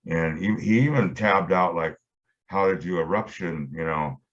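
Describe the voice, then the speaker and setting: A man's voice: low-pitched, normal speed. A middle-aged man, a guitarist being interviewed, telling a long story in a rambling way with lots of fillers and restarts. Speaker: guitarist guest. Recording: dull lo-fi audio.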